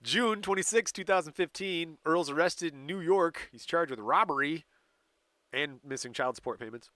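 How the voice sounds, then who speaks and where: A man's voice: a little high, animated, normal speed, pushed and bright, no echo. Giggly storytelling podcast man. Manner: laughs often, reads dates and places in a storytelling way. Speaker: podcast host. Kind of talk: casual chat, telling a crime story.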